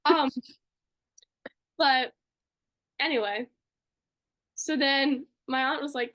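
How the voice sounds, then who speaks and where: High-voiced young woman gushing. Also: a little slow, pauses often, a bit bright. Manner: gushing, lots of fillers. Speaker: podcast co-host. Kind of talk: casual storytelling.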